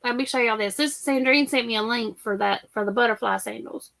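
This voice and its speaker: A woman's voice: fairly high pitch, fairly quick, creaky, fairly bright tone. A middle-aged woman, chatting casually as a livestream host and reading out comments. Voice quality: chatty, rambling.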